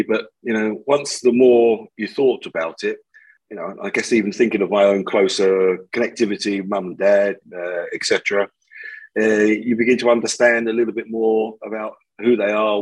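Husky bloke telling funny stories on a podcast, laughs a lot. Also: male voice, lowish voice, normal speed, rough recording. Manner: chatty, laughs often, acts out voices in his anecdotes. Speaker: podcast guest, removals business owner. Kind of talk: casual storytelling chat.

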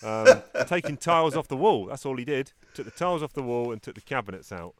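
A man co-hosts a podcast and rattles off stories at a fast clip. He slips into the voices of the people he is quoting. The sound is dry and close, with no room around him. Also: mid-range voice, lively intonation, no room sound. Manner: rambling anecdotes with voiced quotes. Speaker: podcast co-host. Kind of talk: casual chat.

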